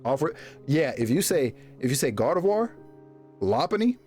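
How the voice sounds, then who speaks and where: A man streaming live, chatting casually with his viewers and reacting to them in a jokey, animated way. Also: moderate pace, soft background music. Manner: animated, jokey, reacting to chat with big pitch jumps and laughs.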